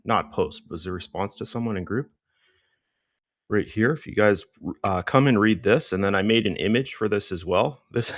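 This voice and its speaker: A man's voice: fairly low pitch, no echo, clean studio sound. A man hosting a live trading session, out of breath and rambling casually with lots of fillers as he walks through the charts. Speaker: trading livestream host. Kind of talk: casual live market commentary.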